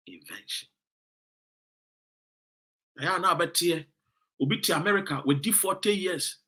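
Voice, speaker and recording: A man's voice: high voice, a little slow, pauses often, sharp tone, breathy edge. A Ghanaian man giving impassioned political commentary. He lectures and scolds his audience with rhetorical questions and reads out viewer comments.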